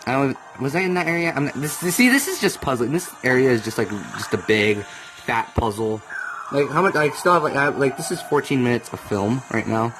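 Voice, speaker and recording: A young man rambling through casual gameplay commentary, now and then bursting into comic yells. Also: medium pitch, lively intonation, fairly quick, poor audio. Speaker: let's play gamer. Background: video game music.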